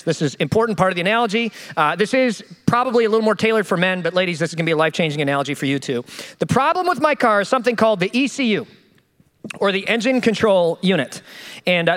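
A man in his thirties preaches with a strikingly high voice and a rapid pace. He tells stories in a jokey, self-deprecating, animated way from a church stage. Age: 30s. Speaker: pastor. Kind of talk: storytelling sermon.

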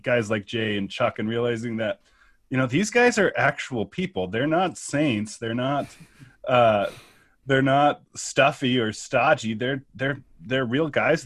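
Pastor guy asking questions, halting, restarts a lot, dry close sound. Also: medium pitch, dry recording. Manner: hesitant, many restarts. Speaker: pastor, interviewer. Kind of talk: casual conversation.

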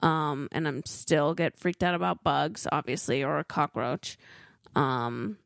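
A woman's voice: low voice, unhurried, creaky, dry recording, clean studio sound. A woman co-hosting a podcast, telling stories in a rambling, emotive way. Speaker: podcast co-host. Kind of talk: casual chat.

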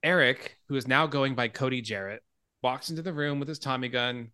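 A man hosting a podcast in casual chat, retelling a film scene in an animated way and laughing along. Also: medium pitch, fairly quick, clean tone, no room sound. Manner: animated storyteller, laughs and swears freely. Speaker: podcast host.

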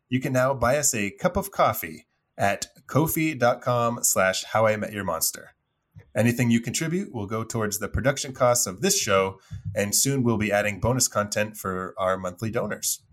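A man's voice: lowish voice, fairly bright tone. A man hosting a podcast, reading announcements in an easygoing way with frequent fillers. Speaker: podcast host. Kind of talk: casual chat, reading announcements.

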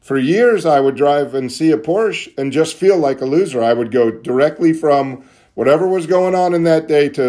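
A man candidly sharing at a recovery meeting, questioning himself aloud and dropping soft and low when he voices his inner thoughts. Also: expressive, normal speed. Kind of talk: candid personal talk.

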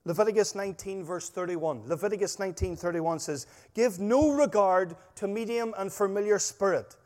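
A man preaching a sermon, emphatic and full of stories, his volume swinging between loud stresses and quiet asides. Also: sits high, normal speed. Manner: emphatic, storytelling, rising and dropping volume. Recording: long hall reverb.

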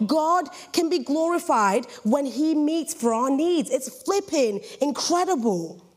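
A woman's voice: high-pitched, slow pace. Jokey young British woman preaching. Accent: British English. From Britain. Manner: lively, jokey storytelling. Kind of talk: sermon.

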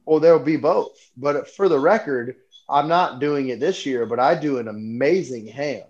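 A man from North Carolina co-hosting a live podcast, loud and profane, talking over the others in casual banter. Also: mid-range voice, normal speed, lo-fi sound. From North Carolina, USA. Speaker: podcast co-host.

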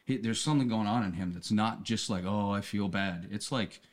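A man's voice: fairly low pitch, fairly quick. A man on a podcast, talking casually and telling an earnest story, often restarting and repeating words. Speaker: podcast guest. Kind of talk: casual conversation.

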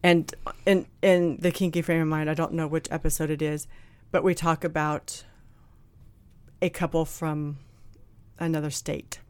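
A woman telling a personal story in a candid, blunt, animated way, acting out what people said. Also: low voice, unhurried, smooth, no room sound. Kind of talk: casual storytelling chat.

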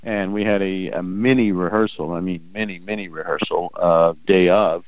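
An older man and former game show host, telling animated anecdotes in a casual interview, often acting out quoted voices. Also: low voice, moderate pace, no room sound, lo-fi sound.

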